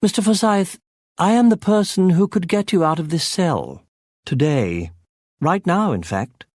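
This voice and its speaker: A smooth upper-class English intelligence man, as a male audiobook narrator puts him on, breezy and mocking even while pressing a prisoner. He speaks higher than the reader's own voice, polished and unhurried, close to the mic with no room sound. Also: no echo. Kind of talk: audiobook character voice.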